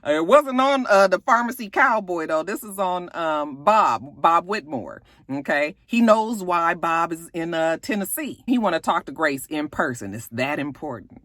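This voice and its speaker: Woman, casual show recap, lively sassy delivery, dry close sound. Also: lowish voice, moderate pace, few pauses, no echo. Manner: animated, sassy storytelling with acted-out quotes.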